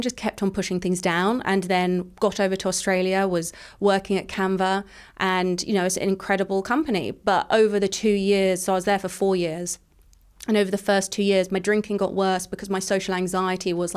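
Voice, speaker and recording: A woman in her thirties from England, telling her personal story as an interview guest in a frank, rapid way, full of "like" fillers. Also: mid-range voice, level tone, clean tone.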